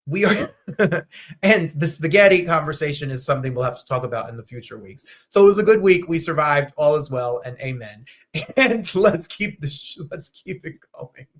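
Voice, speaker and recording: A man hosting a live online show, chatting casually and animatedly, with sudden jumps to loud, high outbursts. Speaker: host. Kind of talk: casual livestream chat.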